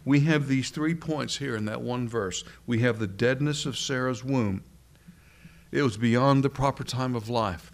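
A middle-aged man delivers a sermon in a mid-pitched voice. He reads scripture aloud and puts questions to his listeners. He slows right down to stress key phrases. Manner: deliberate, asks the congregation questions, slows down for emphasis. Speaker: preacher.

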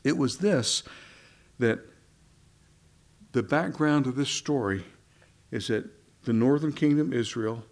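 A man's voice: medium pitch, slow, pauses often. Man preaching in a folksy, conversational way. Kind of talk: sermon.

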